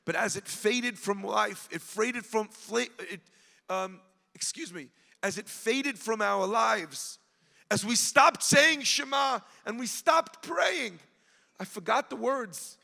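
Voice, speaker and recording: A man, a rabbi, giving an impassioned storytelling speech at an event, rising at times to shouts. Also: sits high, animated, takes it slowly, vocal fry, in a large hall. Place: large event hall.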